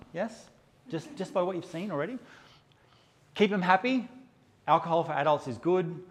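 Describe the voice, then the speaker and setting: A man teaching a live workshop session, brash and joking and swearing freely as he addresses the audience. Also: fairly high pitch. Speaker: photography workshop presenter.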